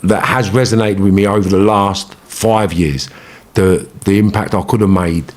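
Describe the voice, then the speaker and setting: Guest, London man, lowish voice, blunt street talk, keeps asking "you know what I mean". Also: moderate pace, darkish tone. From England. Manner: blunt, swearing, street slang, repeats himself. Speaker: interview guest. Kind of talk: storytelling in an interview.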